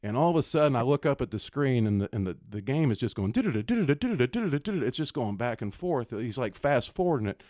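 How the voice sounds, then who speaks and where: A man's voice: medium pitch, expressive, quick pace, hardly any pauses, a little mellow, no room sound, studio quality. A middle-aged man, a former basketball coach, telling stories as a podcast guest, laughing often and acting out other people's lines. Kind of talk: storytelling in casual podcast chat.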